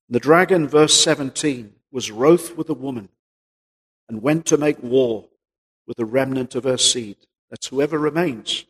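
A male preacher giving a sermon, posing rhetorical questions and swinging between loud and quiet passages. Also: mid-range voice, a little slow, husky. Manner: rhetorical questions, rises and drops in volume. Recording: long hall reverb.

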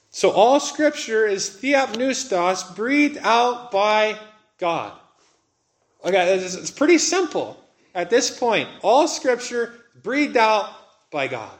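A man preaching a sermon as a pastor, earnest and slowing down to stress key words. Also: fairly high pitch.

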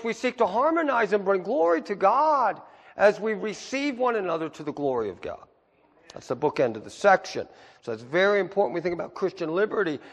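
Lively preaching man in a reverberant hall. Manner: animated preaching, swinging from low asides to high emphatic peaks. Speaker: pastor. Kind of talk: sermon.

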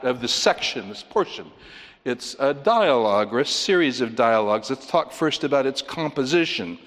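A man preaching an expository sermon, working through his outline and acting out quoted lines with sudden loud cries. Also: medium pitch. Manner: animated, outline-driven, acts out quoted pleas loudly. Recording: long reverb of a church hall.

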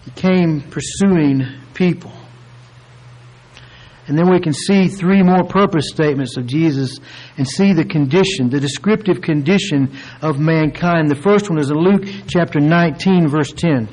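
A man preaching a sermon, explaining scripture in an earnest, deliberate way and drawing out key words. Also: on the high side, darkish tone, poor audio. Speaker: pastor.

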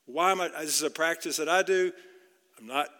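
Bright-voiced male preacher in a reverberant hall. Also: on the high side, fairly quick. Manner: earnest, repeats words, many false starts. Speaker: pastor. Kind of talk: sermon.

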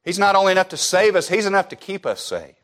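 A man preaching a sermon, emphatic and repetitive, firing off rhetorical questions and dropping to soft, low asides at the ends of phrases. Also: big pitch swings, quick pace.

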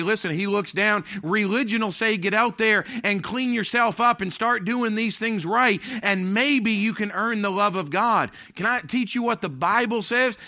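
Bright-voiced preaching man, emphatic. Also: high voice. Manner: emphatic preaching with swings from loud to hushed. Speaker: pastor. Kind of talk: sermon.

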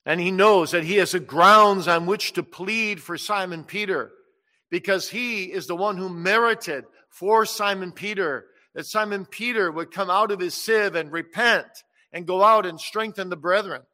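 A man preaching a sermon with passion, rising loud when he voices Jesus and dropping soft and low when he pleads. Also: normal speed. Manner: impassioned, swells loud on quoted words of Jesus and drops soft on pleading. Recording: long reverb of a large hall.

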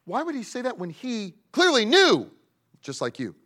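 A man preaching a sermon to young people, emphatic, swinging between loud pleading and hushed asides. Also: very high-pitched, huge pitch swings, moderate pace. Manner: speaks directly to young people in the congregation.

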